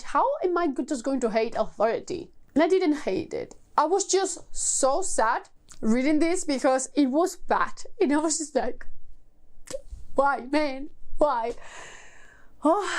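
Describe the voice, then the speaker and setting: A young woman reviewing books in a casual vlog, exasperated and emphatic, sighing, swearing and repeating herself for effect. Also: a little high. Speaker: book vlogger.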